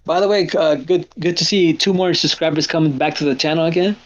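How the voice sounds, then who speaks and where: A man hosts a live trading stream and chats casually, retelling his own mistakes with many restarts. His voice sits on the higher side, and the sound is dull and lo-fi. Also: quick pace. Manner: animated storytelling with lots of restarts. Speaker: stream host.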